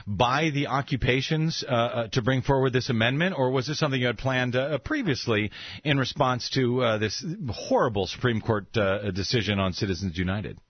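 A male radio host with a slightly husky voice, recorded dry and a bit dull. He asks his questions loosely, full of uhs and restarts. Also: medium pitch, normal speed, dry recording. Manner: fumbling questions with many fillers. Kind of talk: radio interview.

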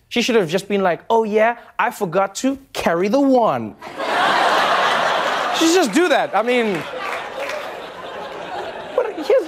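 A man hosting a satirical late-night comedy show, delivering jokes in an animated style with laughing asides. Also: high-pitched. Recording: studio audience laughter and noise behind. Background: audience laughter.

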